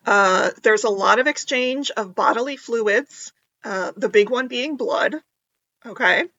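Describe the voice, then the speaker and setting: A woman improviser talks slowly and matter-of-factly as a podcast guest. Her voice is bright and forward. The recording sounds dull, lo-fi and dry. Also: fairly high pitch. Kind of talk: casual podcast chat.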